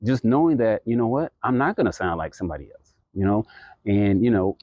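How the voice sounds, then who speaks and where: A man's voice: on the low side, expressive, fairly quick, warm tone, no echo, muffled recording. A man talking to camera, giving earnest, encouraging advice with plenty of fillers and restarts. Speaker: podcast creator giving advice. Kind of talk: casual motivational talk to camera.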